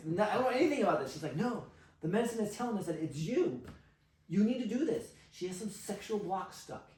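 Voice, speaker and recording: A man, a podcast guest, telling an animated story, acting out quotes with frequent laughs and fillers. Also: high voice, fast talker. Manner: excitable, acts out quotes, laughs often, filler-heavy. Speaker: podcast guest, sexual healer. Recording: roomy, distant from mic.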